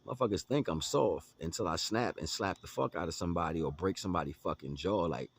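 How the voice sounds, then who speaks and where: A man's voice: deep voice, fast, slightly rough. A man telling a story to his viewers in a blunt, profane, emphatic way, with lots of asides to the listener. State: homeless, talking about his day. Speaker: vlogger. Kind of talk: casual storytelling monologue.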